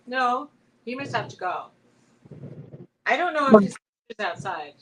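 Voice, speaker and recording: Chatty, rambling high-voiced woman. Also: animated, normal speed, long pauses, heavy background noise. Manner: rambling, chatty storytelling with many restarts; laughs often mid-sentence. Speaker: co-host of a live chat show. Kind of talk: casual chat between friends.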